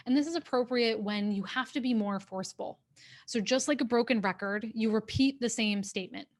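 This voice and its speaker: A woman executive coach giving a workshop talk over a video call, speaking in a clear, steady, instructive way. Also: on the high side, a little fast. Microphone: webcam on a video call.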